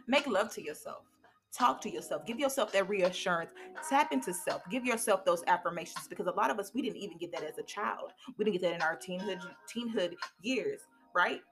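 A woman in her thirties hosting a podcast, giving a candid, colloquial motivational talk. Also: mid-range voice. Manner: candid, colloquial, preachy storytelling. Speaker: podcast host.

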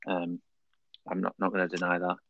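A man in his twenties chatting casually, halting and repeating words as he talks. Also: low voice, monotone, vocal fry, no room sound. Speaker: podcast co-host. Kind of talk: casual chat. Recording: dry muffled lo-fi recording.

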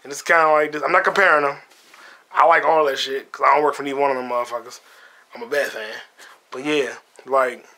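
A little high and sharp in tone, a male podcast host walks through a film in loose, meandering chat. His casual review is packed with curse words and slang.

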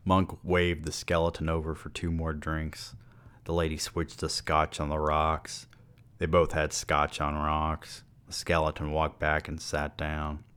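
Man, very deep voice, unhurried, reading a story aloud, irreverent asides. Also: completely flat delivery, a bit bright, smooth. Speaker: story reader.

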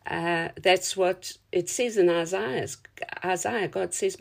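A woman's voice: fairly low pitch, slow pace, vocal fry. A woman preaching a sermon in an earnest, reflective teaching tone.

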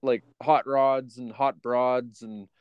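A man co-hosting a podcast, rambling and full of fillers as he chats like an excited fan. His voice is mid-pitched, and it sounds dry and close to the mic with almost no room sound. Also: takes it slowly, clear, resonant tone, no room sound, muffled recording. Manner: rambling, filler-heavy, enthusiastic fan talk. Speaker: podcast co-host. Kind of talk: casual podcast chat.

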